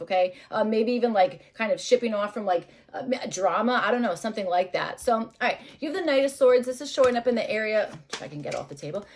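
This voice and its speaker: A young adult woman doing a casual tarot reading, rambling and hesitant with many fillers. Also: fairly high pitch. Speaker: tarot reader.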